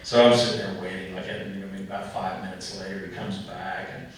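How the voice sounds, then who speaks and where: A man's voice: deep voice, steady tone, a little fast, a crowd in the background. A man telling rambling, folksy anecdotes to an audience as a guest author, full of fillers and asides. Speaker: author speaking at an event. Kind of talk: storytelling talk and Q and A. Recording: roomy echo, voice far from mic.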